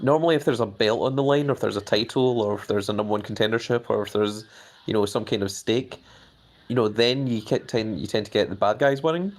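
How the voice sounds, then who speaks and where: A man hosting a live stream. He chats casually, fills his talk with hedges, and his pitch jumps up whenever he reads out viewer comments. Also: fast talker. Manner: hedging with many fillers.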